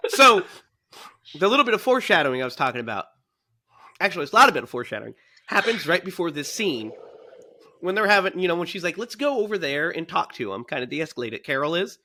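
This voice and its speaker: Bright-voiced man chatting about movies. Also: a little high, fast talker, a little hiss or hum. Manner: animated, laughs often while recounting scenes. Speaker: podcast co-host. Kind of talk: casual movie discussion.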